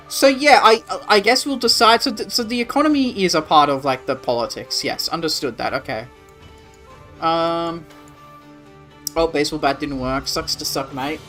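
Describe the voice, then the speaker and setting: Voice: mid-range voice, a bit bright. Aussie streamer rambling over a game, swears a lot, faint music behind. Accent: Australian. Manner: rambling, casual swearing, answers chat. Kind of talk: casual live-stream chat.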